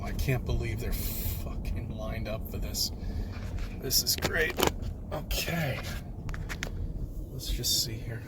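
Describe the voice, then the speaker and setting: A man filming a street vlog, ranting and swearing, swinging from loud outbursts to muttered whispers. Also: mid-range voice, slow, pauses often, heavy background noise. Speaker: vlogger. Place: outdoors on a city street.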